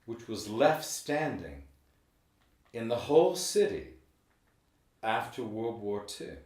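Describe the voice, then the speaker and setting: A middle-aged man hosting a podcast in a room of an old building, chatting in a rambling, animated way that often trails off. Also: medium pitch, slow, distant mic. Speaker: podcast host. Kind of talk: casual podcast chat. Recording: roomy, from off the mic.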